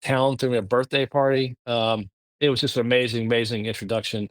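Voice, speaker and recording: A middle-aged man from the American South with a Southern accent, telling a story as a podcast guest in a halting, animated way. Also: medium pitch, dry recording. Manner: animated, halting, lots of restarts. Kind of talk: casual storytelling.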